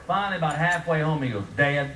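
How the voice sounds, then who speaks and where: A man's voice: sits high, sing-song, normal speed. A man, doing a stand-up comedy routine and acting out the voices of the people in his story. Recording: distant echoey recording with loud background noise.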